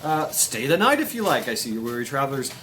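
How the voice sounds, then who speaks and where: A man voicing a huge, jovial giant king who teases his small guests in a high, lively voice. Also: fast talker, slight background noise. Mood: hearty welcome. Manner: jovial, mocking, high-pitched. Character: Utgarda-Loki, boastful mocking giant king.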